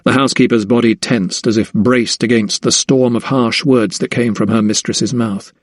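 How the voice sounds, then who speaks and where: Male audiobook narrator, steady even read, middle-pitched, close dry mic. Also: normal speed, hardly any pauses, no room sound. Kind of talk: scripted narration.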